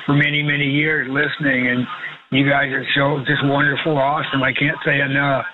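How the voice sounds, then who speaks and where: A man in his eighties, calling a radio show by phone and talking in a warm, effusive, rambling way. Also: medium pitch, flat delivery, fairly quick, narrow, tinny audio, music in the background. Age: 80s. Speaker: caller.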